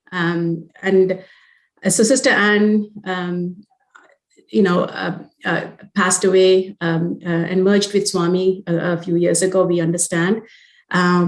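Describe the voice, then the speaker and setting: A woman moderates a panel and asks her question haltingly, full of ums and uhs. Her voice is somewhat low, and the recording carries a roomy echo. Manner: hesitant, many fillers.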